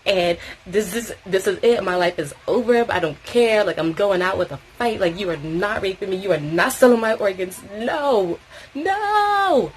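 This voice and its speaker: A young woman from Tobago telling a story in casual vlog chat, animated and swearing freely. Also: mid-range voice, normal speed, few pauses, a little hiss or hum, low-quality recording. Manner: animated, swearing freely, acting out quoted voices.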